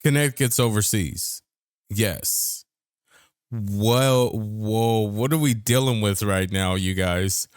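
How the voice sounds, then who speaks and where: A man's voice: on the low side, takes it slowly, smooth, no echo, clean studio sound. A man hosting a reaction video, making incredulous, exasperated remarks to his viewers. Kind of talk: reaction commentary.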